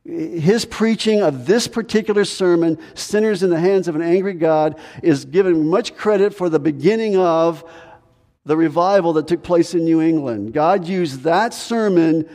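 A man preaches a sermon from the pulpit, hammering points home through repetition and drawn-out pauses. His voice is mellow and a little higher than most men's. The sound rings with the long reverb of a church sanctuary. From United States. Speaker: pastor.

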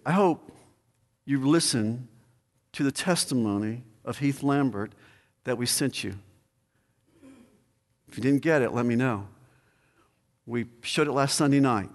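A man preaching as a pastor, building to emphatic peaks and then slowing into a measured prayer. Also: medium pitch. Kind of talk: sermon and closing prayer. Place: church sanctuary. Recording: long church reverb.

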